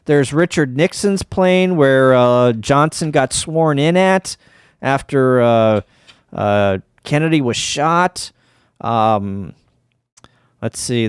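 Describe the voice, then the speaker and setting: A man's voice: mid-range voice, takes it slowly, clean tone, dry recording, clean studio sound. A middle-aged man hosting a casual livestream, tired and rambling, with lots of ums, restarts and wry asides. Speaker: ham radio livestream host.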